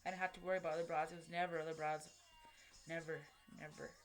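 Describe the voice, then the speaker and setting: A woman's voice: sits low, flat delivery, fast, music in the background. A woman telling a personal story to camera, blunt and profane, in street slang with lots of fillers. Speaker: vlogger.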